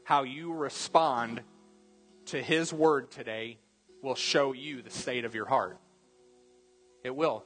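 A man preaching a sermon as pastor, earnest, repeating key phrases and slowing down for emphasis. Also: mid-range voice, a bit bright, husky.

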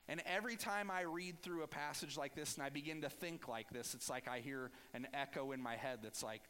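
A man delivering a sermon, his voice sitting a little higher than most men's. He talks to the congregation casually and acts out sarcastic, defensive lines in between. The sound carries a long hall reverb. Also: fast, few pauses, pushed and bright. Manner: conversational preaching with sarcastic acted-out asides. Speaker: pastor.

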